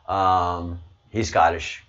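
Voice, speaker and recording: A man's voice: sits low, level tone, drawn-out words, fairly bright tone, muffled recording. A man hosting a casual livestream, rambling to his chat and stammering over repeated words with frequent chuckles. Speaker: livestream host reading chat.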